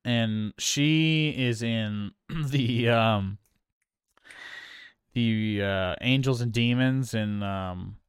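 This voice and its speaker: A podcast co-host rambles through a casual film review chat, full of fillers and restarts. His voice is smooth, dry and medium in pitch, and he talks very slowly, with no room sound in the recording.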